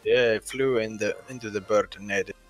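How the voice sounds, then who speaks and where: A young man, a gamer, telling a silly story in a deadpan way in casual voice chat. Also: fairly low pitch, fairly quick, faint music behind.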